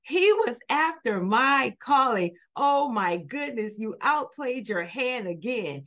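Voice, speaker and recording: Animated woman telling a testimony. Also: fairly high pitch, takes it slowly. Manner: animated, acts out both sides of dialogue. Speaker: guest, minister. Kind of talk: storytelling testimony.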